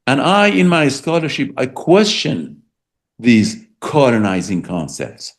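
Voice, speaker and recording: A man's voice: mid-range voice, expressive, slow. A middle-aged man, a political science professor and English speaker, speaking emphatically in an interview and repeating words for stress. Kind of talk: academic interview.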